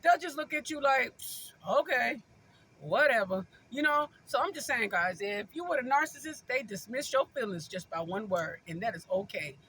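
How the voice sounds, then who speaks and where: A woman's voice: a little high, expressive, brisk, few pauses, a bit bright, a little hiss or hum. A woman vlogger giving casual relationship advice straight to her viewers, informal and emphatic, repeating her points again and again. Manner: emphatic and repetitive, hammering points home; informal, conversational, addresses viewers directly.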